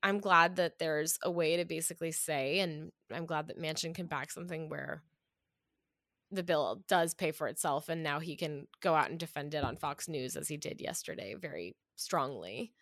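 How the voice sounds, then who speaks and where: A woman in a casual political chat, chatty and full of fillers, getting animated when riled. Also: low-pitched, moderate pace, no room sound, studio quality.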